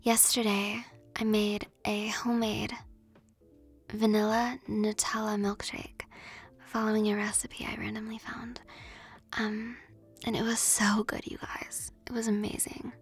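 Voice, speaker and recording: Young woman, ASMR host, whispered ASMR chat, slow and airy, breathy, faint music behind. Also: medium pitch, little pitch movement. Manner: rambling, giggly, with frequent ums.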